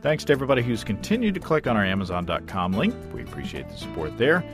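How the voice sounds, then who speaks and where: A man's voice: fairly low pitch, huge pitch swings, fast talker, over music. A man hosting a homebrewing podcast, closing the episode with thanks and sponsor reads in an easygoing, folksy way. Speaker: podcast host.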